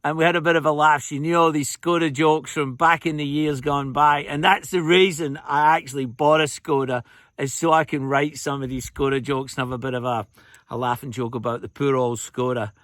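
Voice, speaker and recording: Chatty Scottish man, slightly high voice. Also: fairly even intonation, a little fast, a bit bright, no room sound, clean studio sound. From Scotland. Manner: chatty, jokey, rambling storyteller. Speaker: fly-tying vlogger. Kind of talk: casual anecdotal storytelling. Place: outdoors on a remote road.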